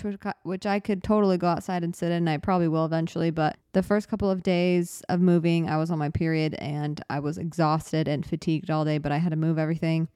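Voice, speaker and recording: A woman's voice: mid-range voice, a little mellow, clean tone, dry recording, clean studio sound. Rambling young woman on a podcast. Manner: rambling, self-deprecating, talks fast and runs out of breath. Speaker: podcast host. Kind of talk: casual solo podcast chat. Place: small studio apartment. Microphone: studio microphone.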